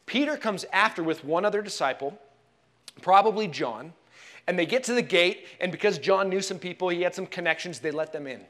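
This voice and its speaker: A man preaching a sermon in a church, telling the story expressively and dropping to hushed tones for emphasis. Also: high-pitched, expressive, a little fast. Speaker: pastor.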